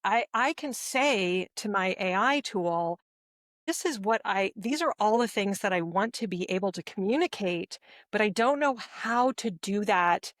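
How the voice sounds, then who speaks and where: A woman talking as a podcast guest in casual conversation, measured and thoughtful, slowing down to choose her words. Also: mid-range voice, animated, no room sound, studio quality.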